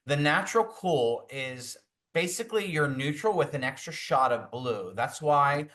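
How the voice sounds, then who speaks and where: A man's voice: fairly high pitch, lively intonation, a little slow, fairly bright tone. A man, a hair color educator, explaining color series as he walks through slides in a virtual class.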